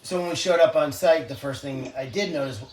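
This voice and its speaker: A man's voice: a little high, brisk, echoey room, slight background noise, low-quality recording. A man caring for animals at a sanctuary, chatting casually to the camera and slipping into cooing baby talk with the animals. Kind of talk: casual vlog narration.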